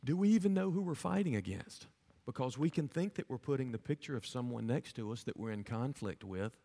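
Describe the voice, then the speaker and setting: A man's voice: medium pitch, expressive, fairly quick, gravelly, dark tone. A man preaching a sermon to his congregation, earnestly asking them rhetorical questions. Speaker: pastor. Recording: long hall reverb.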